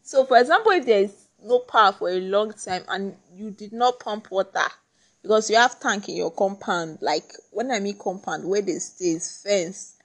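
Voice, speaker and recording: A woman's voice: medium pitch, moderate pace. A young woman from Nigeria with a Nigerian accent, chatting casually and bubbly as host of her own podcast, laughing often. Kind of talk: casual solo podcast chat.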